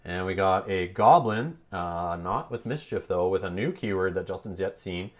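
A man's voice: low voice, lively intonation, moderate pace. A man hosting a live board game playthrough, chatting casually, joking with the players and explaining the rules as he goes.

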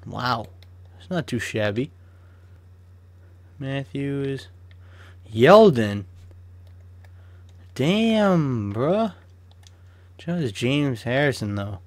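A man's voice: mid-range voice, slow pace, long pauses, no room sound. A young man giving casual, chatty commentary on a football video game as he opens card packs, swearing freely and flaring up in sudden rants. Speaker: gaming YouTuber.

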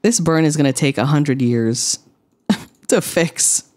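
A woman streamer talks through her game in a low voice that still swings widely in pitch. She rambles along with deadpan jokes aimed at her chat. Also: takes it slowly. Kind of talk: casual gameplay commentary.

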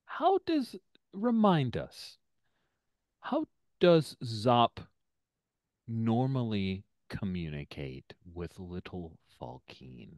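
Lively deep-voiced man running a game. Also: drawn-out words, no room sound, clean studio sound. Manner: animated, playful, drifts into murmured asides. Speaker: game master. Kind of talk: running an online tabletop game.

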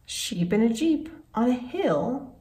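Reading a picture book to young children, this librarian speaks slowly in a slightly high voice. Her delivery is lively and full of exclamations, with frequent gasps and questions for the kids. It's recorded from a distance in an echoey space with faint noise behind her.

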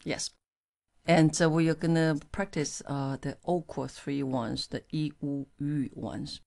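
A woman whose first language is Mandarin Chinese, teaching pinyin in English and slowly modelling tones for the learner to repeat. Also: deep voice, steady tone, darkish tone. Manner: slow, clearly modelled syllables. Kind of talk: language lesson with tone drills.

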